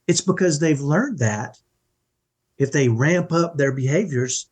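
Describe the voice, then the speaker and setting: Emphatic husky-voiced man. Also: a little high, expressive, measured pace. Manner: emphatic, earnest, keeps asking "right?". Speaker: podcast guest, parenting coach. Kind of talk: conversational interview.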